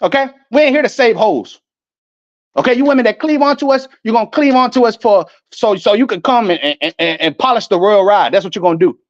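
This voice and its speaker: A man's voice: high-pitched, fairly quick, no room sound, lo-fi sound. A man delivering an angry, profane, preachy rant to camera, quoting scripture between outbursts. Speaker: online street preacher. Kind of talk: ranting religious monologue.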